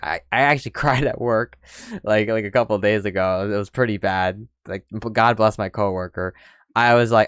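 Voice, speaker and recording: Young adult male vlogger, rambling and candid, smooth voice, dry room. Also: mid-range voice, fairly bright tone, dry recording. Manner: candid and rambling, rising to exasperated rants. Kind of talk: personal talk to camera.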